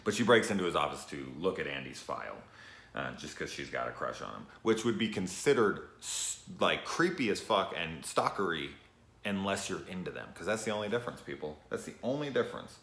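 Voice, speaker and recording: A deep-voiced man rambles through a horror movie review, swearing freely and sniffing between thoughts. His pitch swings widely as he talks, and the room around him rings with echo. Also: moderate pace, gravelly. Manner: profane, rambling, animated, sniffs often. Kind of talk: casual spoken movie review. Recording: echoey room.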